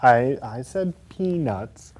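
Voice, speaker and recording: A man's voice: medium pitch, takes it slowly. A man co-hosting a comedy podcast, riffing jokes in a casual chat. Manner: animated, riffing jokes with silly put-on voices. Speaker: podcast co-host.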